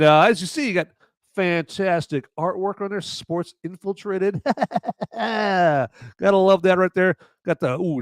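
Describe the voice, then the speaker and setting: A man hosting a live podcast, chatting in a rambling, jokey way with sudden loud, shouty bursts. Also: on the high side, gravelly, dry recording, studio quality. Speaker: podcast host. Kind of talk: live-stream movie review chat.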